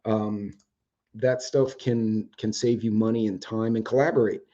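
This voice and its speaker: A man's voice: on the low side, fairly even intonation, a little slow, mellow, muffled recording. A man, hosting a casual chat show from home, rambling and swearing offhandedly, his voice starting to go. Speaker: host. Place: home, indoors with dogs.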